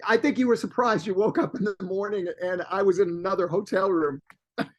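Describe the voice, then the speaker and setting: A man's voice: high-pitched, fairly quick. A man who is a guest on a podcast, chatting casually, easygoing and laughing often. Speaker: podcast guest, music executive. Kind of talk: casual chat.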